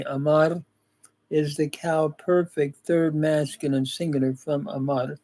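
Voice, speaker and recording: An older man teaching a scripture reading and grammar lesson in a slow, halting way with frequent fillers. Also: fairly high pitch, flat delivery, darkish tone. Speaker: Bible teacher.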